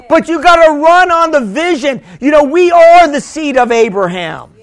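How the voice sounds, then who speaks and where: A man preaching a sermon as pastor, with sudden shouts and many repeated words. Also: very high-pitched, lively intonation, moderate pace.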